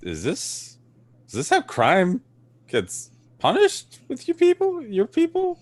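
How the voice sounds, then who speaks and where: A man's voice: extremely high pitch, huge pitch swings, slow, no room sound, voice pushed up, exaggerated voice. A man voicing a skeptical young heroine who questions things dryly. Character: wry, skeptical quarter-goddess heroine.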